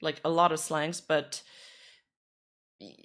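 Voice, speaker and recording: Bright-voiced woman streamer. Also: deep voice, flat delivery, slow. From Quebec, Canada. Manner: chatty, rambling, frequent "like" fillers. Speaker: streamer reacting to clips. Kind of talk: casual reaction chat.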